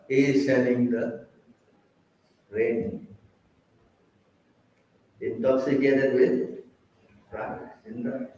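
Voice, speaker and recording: Slow-talking preacher quizzing his class. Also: medium pitch, a little mellow, very echoey, far from the mic, poor audio. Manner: quizzes and teases listeners. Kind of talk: scripture class.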